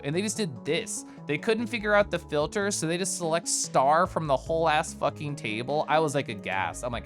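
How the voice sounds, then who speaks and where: Man, streamer, casual chat, animated storytelling, laughs often, faint background music. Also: on the high side, normal speed. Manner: animated storytelling with mocking quoted voices; laughs often while talking.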